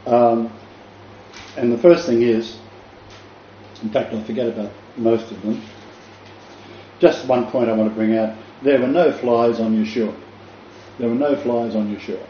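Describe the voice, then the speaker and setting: Australian preacher in an echoey room. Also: male voice, mid-range voice, steady tone, measured pace, long pauses, slight background noise. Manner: hesitant, then emphatic repetition. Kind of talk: informal sermon. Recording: echoey, distant, dull room recording.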